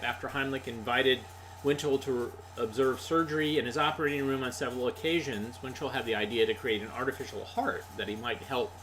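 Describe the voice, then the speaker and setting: A man chats casually as a host, rambling and pausing with fillers. His voice sits at a middle pitch. Faint ambient noise sits behind him. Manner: relaxed, rambling, with many fillers. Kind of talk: casual livestream chat.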